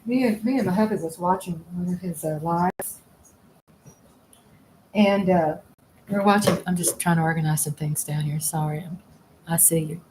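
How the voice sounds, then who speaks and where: A woman's voice: on the low side, moderate pace, pauses often, noisy background. A woman hosting a casual live stream, chatting in a rambling way, laughing often and trailing off mid-sentence. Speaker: livestream host. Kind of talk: casual live chat while working.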